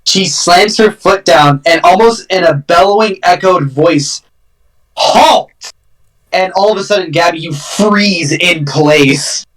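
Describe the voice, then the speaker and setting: A man's voice: sits high, a little slow, few pauses, a bit bright. A man running a tabletop game as dungeon master, narrating in a rambling, playful way. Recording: voice far from the mic.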